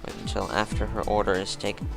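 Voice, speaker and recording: A man's voice: lowish voice, level tone, fast talker, gravelly, over music. A man giving casual gameplay commentary, musing and thinking aloud as he plays.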